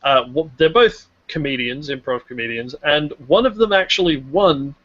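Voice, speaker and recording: A man's voice: on the high side, moderate pace. A man co-hosting a casual review podcast, enthusiastic and swearing casually. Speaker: podcast co-host. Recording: muffled lo-fi mic.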